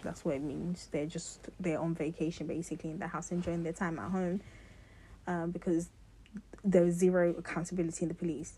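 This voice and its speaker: A woman's voice: on the low side, level tone, a little fast, dark tone, breathy edge. A young woman ranting to her viewers in a passionate, rambling way, with many restarts. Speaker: vlogger. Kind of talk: casual rant to camera.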